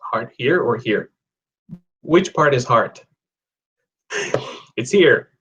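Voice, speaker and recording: In a live online lesson, a young man teaches English idioms, reading viewers' comments aloud and joking with them in a chatty way. His voice is medium-pitched, bright and husky, with lively intonation and a very slow pace. The audio quality is poor.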